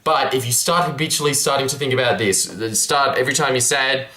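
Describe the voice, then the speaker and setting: A young man talks straight to camera in a loose, earnest self-help monologue, restarting his sentences as he thinks. His voice sits at an ordinary middle pitch. The recording is roomy, with a noticeable echo around him. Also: fairly even intonation, a little fast, pushed and bright. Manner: rambling, earnest, frequent restarts. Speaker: vlogger.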